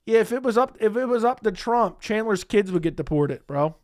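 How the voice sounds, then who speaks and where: A man's voice: sits high, lively intonation, fairly quick. A man hosting a casual livestream, talking to chat and ranting with lots of swearing. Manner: profane, indignant ranting. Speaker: livestream host.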